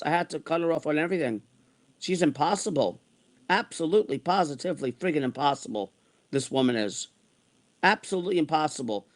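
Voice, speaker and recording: A man in his sixties ranting in a repetitive, exasperated way as he vents in an online monologue. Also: on the high side. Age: 60s. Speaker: online streamer.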